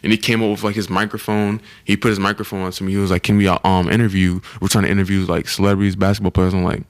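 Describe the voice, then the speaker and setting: A man's voice: deep voice, very fast. A young man co-hosting a podcast, telling a travel story in casual chat and acting out the people in it. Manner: animated storyteller, acts out quoted people in raised voices. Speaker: podcast co-host.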